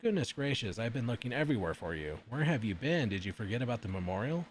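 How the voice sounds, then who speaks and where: A man's voice: medium pitch, sing-song, quick pace, slight background noise, close to an everyday voice. A man voicing a fussy, bossy female school principal in a visual novel, scolding in a flustered rush.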